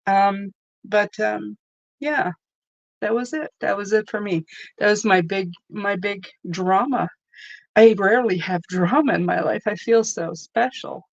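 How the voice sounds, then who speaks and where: A woman's voice: medium pitch, a little slow, creaky, no echo, lo-fi sound. A woman hosting a tarot live stream, talking in a chatty, rambling way with lots of asides. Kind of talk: casual live-stream chat.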